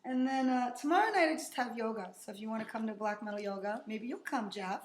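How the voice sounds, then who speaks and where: A woman's voice: fairly high pitch, quick pace, slight background noise. A woman co-hosting a podcast from the back room of a bar, chatting casually and laughing often. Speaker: podcast co-host. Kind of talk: casual chat. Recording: echoey room with faint ambience.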